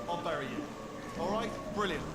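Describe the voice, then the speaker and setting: A man's voice: on the high side, lively intonation, normal speed, loud music behind the voice, lightly acted, low-quality recording. An actor with a British accent playing a chatty, bumbling male robot who rambles nervously and talks over himself in a video game. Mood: rambling. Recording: game audio with loud background noise.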